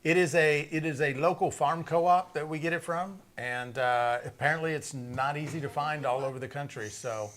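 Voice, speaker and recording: A man's voice: on the high side, normal speed, few pauses, a bit bright. Laid-back male host for a casual livestream, reads out viewer comments. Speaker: show host.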